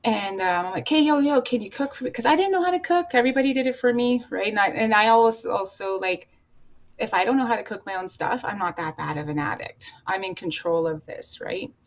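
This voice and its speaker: A woman's voice: medium pitch, brisk. Blunt, profane woman telling her story. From Canada. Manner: blunt and profane, acts out past dialogue, laughs at herself. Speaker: podcast guest telling her life story. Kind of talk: candid personal storytelling.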